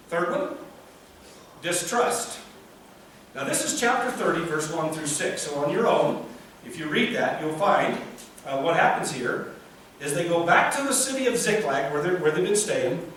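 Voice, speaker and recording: A man preaching a sermon, animated, acting out the voices of biblical figures. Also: a little slow, long pauses, a little hiss or hum. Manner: animated, acts out biblical voices with rising pitch. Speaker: pastor. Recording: echoey distant room recording.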